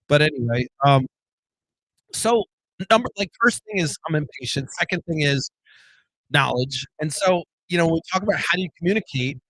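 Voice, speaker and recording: A man's voice: fairly high pitch, lively intonation, normal speed, long pauses, fairly bright tone, dry recording, rough recording. A man hosting his own talk show alone, blunt and rambling, cursing often and restarting sentences. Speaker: podcast host. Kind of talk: solo casual monologue.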